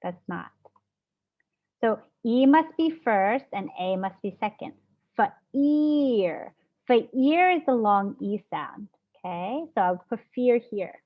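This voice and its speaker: Slow-paced woman teaching a class. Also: on the high side, expressive. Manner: patient, encouraging, sounds out words slowly. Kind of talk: classroom phonics lesson. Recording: dull lo-fi classroom audio.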